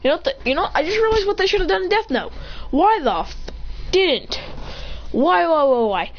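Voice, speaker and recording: A woman's voice: very high voice, sing-song, normal speed. A woman telling a story in a casual, rambling way, swearing and jumping between asides. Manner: rambling, swearing, acts out character voices. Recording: dull lo-fi recording.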